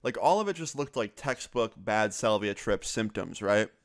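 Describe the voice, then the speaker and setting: A young man casually telling a story, quoting his friends in quick back-and-forth with lots of "like" fillers. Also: lowish voice, animated, dry recording, clean studio sound.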